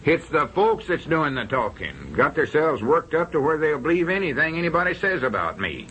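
A drawling, exasperated country storekeeper. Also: male voice, on the high side, sing-song, moderate pace, sharp tone, lo-fi sound, a little hiss or hum. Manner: drawling, folksy, bossy. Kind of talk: old-time radio comedy acting.

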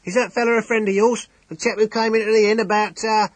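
A man voicing an excited little male innkeeper who stammers in breathless alarm. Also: high-pitched, fast talker, dry recording, pitched above the performer's own voice. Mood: panicked.

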